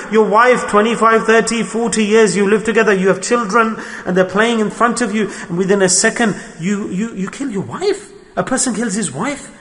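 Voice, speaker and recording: A man's voice: high voice, a bit bright, long reverb tail. A man preaching a sermon, asking the listeners rhetorical questions and acting out quarrels in short bits of dialogue. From United Kingdom. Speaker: Islamic preacher.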